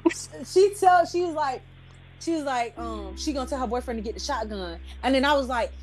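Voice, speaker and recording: High-voiced woman telling a casual story. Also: fairly quick, soft background music. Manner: animated, slangy, repeats "like" and "I was like". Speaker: vlogger.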